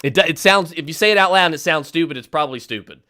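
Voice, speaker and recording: Racing along in a fairly high, pushed and bright voice, he hosts a podcast and rattles off fantasy football advice to listener questions. His decisive, emphatic picks come with fillers and restarts, and the audio is dry and studio quality.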